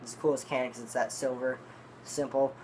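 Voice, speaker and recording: Man, casual vlog storytelling, rambling, lots of swearing, mid pitch, faint background hiss. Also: level tone, fairly quick, a little mellow. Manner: rambling, profane, restarts often. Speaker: vlogger reviewing dip tobacco.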